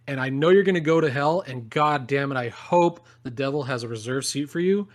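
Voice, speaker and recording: A man's voice: mid-range voice, a little fast. A young man co-hosting a casual comedy podcast, ranting with lots of swearing and mock outrage. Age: young adult. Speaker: podcast co-host.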